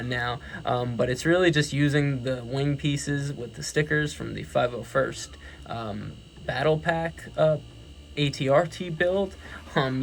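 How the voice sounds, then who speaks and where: A man's voice: fairly high pitch, gravelly. A young man with a New York accent casually reviewing his toy collection, enthusiastic and rambling, often correcting himself.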